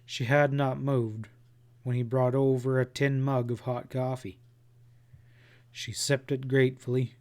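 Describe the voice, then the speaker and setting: A man narrating a western novel as an audiobook, in a measured storytelling read. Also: medium pitch, a little mellow.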